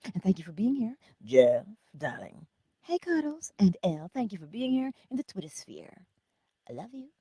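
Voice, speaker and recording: A woman's voice: medium pitch, sing-song, normal speed, dark tone, breathy edge, dry recording. A woman hosting an inspirational livestream, chatty and playful, greeting viewers by name and slipping into whispers. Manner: playful, drops often into whispers and laughs. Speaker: livestream host.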